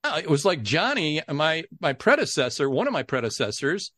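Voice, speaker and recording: A middle-aged man, a podcast guest, telling a story in a lively way and acting out the people in it. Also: a little high, normal speed, dry recording, studio quality. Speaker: podcast guest, game show announcer. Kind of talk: animated storytelling.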